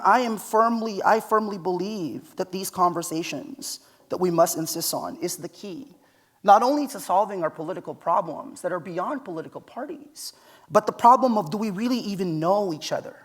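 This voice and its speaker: A man's voice: high voice, a bit bright. A man giving a conference keynote from a stage, telling personal stories in a conversational, emphatic way. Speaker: keynote speaker.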